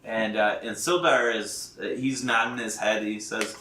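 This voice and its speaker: A man slowly narrates a tabletop game in a bright, forward voice, stopping and restarting often as he thinks. He sounds set back from the mic in an echoey room. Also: lowish voice, fairly even intonation, distant mic, slight background noise. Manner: halting, many fillers and restarts, laughs often. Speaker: dungeon master.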